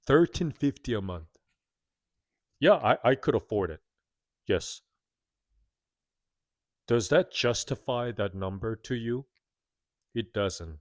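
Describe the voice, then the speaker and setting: A man's voice: medium pitch, lively intonation, slow, pauses often, no room sound, clean studio sound. Candid, self-critical man in his thirties. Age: 30s. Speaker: vlogger. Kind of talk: confessional monologue to camera.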